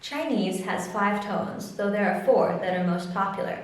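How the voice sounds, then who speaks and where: A woman teaching a lesson, slowly and carefully demonstrating sounds. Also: mid-range voice, heavy reverb, distant mic. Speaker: language teacher. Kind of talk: slow instructional explanation.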